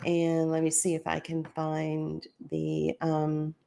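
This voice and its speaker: A woman's voice: low-pitched, completely flat delivery, slow pace, creaky, dark tone. A woman hosting a solo commentary podcast, talking casually as she walks listeners through documents on screen. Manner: conversational, explaining documents on screen. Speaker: podcast host.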